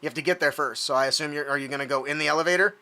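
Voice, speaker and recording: A man's voice: on the high side, racing, sharp tone. A man narrating a tabletop game as game master, loose and laughing, with plenty of fillers.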